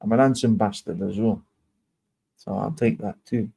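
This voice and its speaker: A young man hosting a livestream angrily rants, swearing as he confronts a commenter. His voice sits on the low side, gravelly, mellow and husky, with fairly even intonation at a moderate pace.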